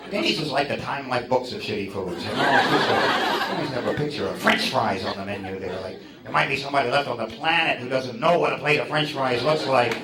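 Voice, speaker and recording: Stand-up: sardonic man rambling through a club set, loud room noise. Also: medium pitch. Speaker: stand-up comedian. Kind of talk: stand-up routine. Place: comedy club. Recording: echoey club, distant mic, loud crowd noise.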